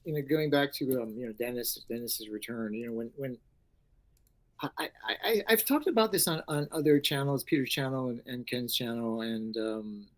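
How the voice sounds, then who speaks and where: A middle-aged man, an actor and karate instructor, telling stories in a casual interview, animated and acting out voices, with many fillers. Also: medium pitch, moderate pace, low-quality recording.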